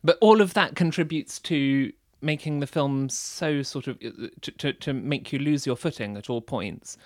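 A man of middle pitch, talking through a film in relaxed conversation. He is articulate and analytical, restarting phrases as he thinks. The sound is dry and close, with no room echo. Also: moderate pace. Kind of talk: casual film discussion.

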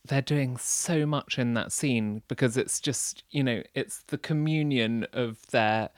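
A man's voice: mid-range voice, measured pace, no room sound, studio quality. A man discussing a film in casual conversation, speaking in an articulate, analytical way with some restarts.

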